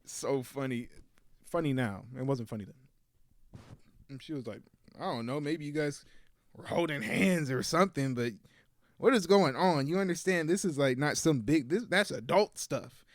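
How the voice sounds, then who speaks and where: A man's voice: a little high, moderate pace, dry recording. A young man co-hosting a podcast, telling a story casually and acting out the voices of the people in it. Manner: animated storyteller, acts out quotes in varied voices. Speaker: podcast co-host.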